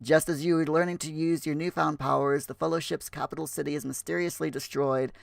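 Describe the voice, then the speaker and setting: A man hosts a game livestream from a home setup, his voice a touch higher than usual. He rambles and restarts with plenty of fillers and slips in and out of a put-on, admittedly poor Scottish accent. The desk microphone sound is close and dry. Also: fairly even intonation, fairly quick, gravelly, no echo. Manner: chatty, full of fillers and restarts. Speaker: livestream host. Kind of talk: casual livestream chat.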